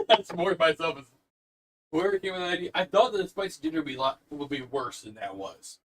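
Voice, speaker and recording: A man's voice: fairly high pitch, expressive, a little fast, very noisy. A man joking and laughing his way through a casual home kitchen cook-off. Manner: laughs often, jokey and loose. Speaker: cook-off contestant. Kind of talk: casual chat.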